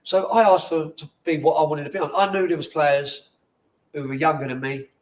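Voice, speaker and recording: A man's voice: a little high, fairly quick. A man in his forties, a former footballer, telling rambling, sweary stories in a casual interview in a bar.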